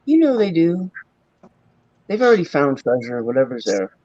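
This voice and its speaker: A man's voice: on the high side, very animated, normal speed, warm tone, no room sound. A man hosting a casual vlog chat, teasing his friends and laughing often. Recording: lo-fi muffled sound.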